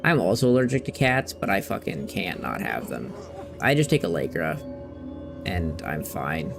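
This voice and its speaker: Low gravelly man chatting casually. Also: big pitch swings, normal speed, music in the background. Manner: rambling and candid, swears casually. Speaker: gaming video host. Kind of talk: casual chat while playing.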